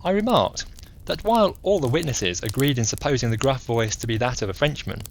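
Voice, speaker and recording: A man narrating a classic story as a calm bedtime audiobook. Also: medium pitch, a little fast, slight background noise.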